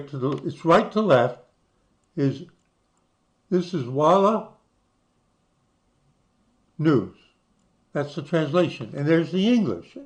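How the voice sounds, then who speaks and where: Older male host, unhurried, explanatory, a bit high-pitched, casual walkthrough. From United States. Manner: slow, explanatory, spells things out letter by letter. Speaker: channel host. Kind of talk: casual screen-share explainer.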